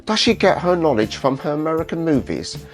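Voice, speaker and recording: Scornful British man with a lively voice. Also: fairly high pitch, brisk, faint music behind. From United Kingdom. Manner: blunt and mocking. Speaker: host. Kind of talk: scornful reaction commentary.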